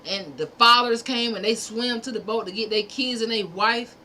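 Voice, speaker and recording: Fervent, bright-voiced woman preaching on a livestream. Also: on the high side, normal speed, slight background noise. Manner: preachy, fervent, profane, speaks in repeated punchy phrases. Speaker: livestream host. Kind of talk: impassioned livestream monologue.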